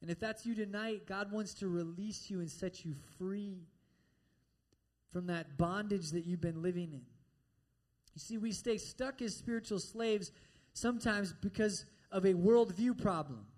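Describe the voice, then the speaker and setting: His pitch sits well above the typical male range, slightly mellow, as he delivers a sermon in a church. He talks to the congregation in a direct, conversational manner, repeatedly slipping in asides like "all right?".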